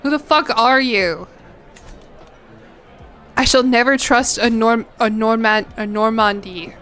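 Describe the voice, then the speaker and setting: A woman with a slightly high voice gives loose, chatty commentary while she plays a strategy game on stream. She reacts quickly, swears freely and laughs between moves. Faint music plays behind her. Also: a bit bright, a faint crowd. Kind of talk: casual gameplay commentary.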